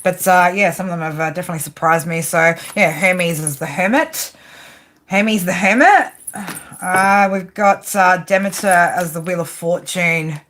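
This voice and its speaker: A woman with a lowish, somewhat bright voice speaks at a moderate pace over slight background noise. She's a tarot reader doing a casual livestream from her home table under a lamp, chatty and rambling, swearing casually as she talks through the cards.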